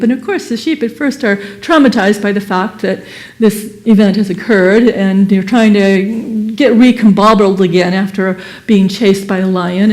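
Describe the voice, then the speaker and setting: A woman giving a Sunday service sermon and telling a parable in an animated, expressive way. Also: medium pitch. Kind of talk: sermon with storytelling.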